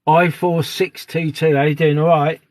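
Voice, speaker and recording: A man's voice: on the high side, level tone, moderate pace, a little mellow, no room sound. A man live streaming outdoors at dusk on a phone, chatting casually and greeting viewers by name. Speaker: live streamer on a sky watch.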